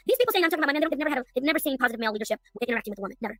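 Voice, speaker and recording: A woman in a heated livestream argument, her voice high and her words tumbling out at breakneck speed. She curses freely and pushes past interruptions. The sound is dry and close, with faint music underneath. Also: lively intonation, fairly bright tone, dry recording. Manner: rapid, profane, indignant, talks over others. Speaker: livestream panel guest.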